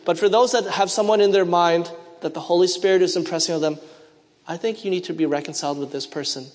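Guy preaching in church, high voice, tells stories, asks the crowd what? and waits for them, big echoey hall. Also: steady tone, fast, a little mellow. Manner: storytelling with call-and-response questions. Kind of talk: sermon. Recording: long hall reverb.

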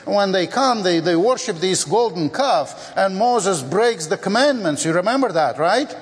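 Here a man with a high voice gives a sermon at a slow, measured pace, filling pauses often and voicing the scripture conversations with animated character voices. The hall's reverb lingers long.

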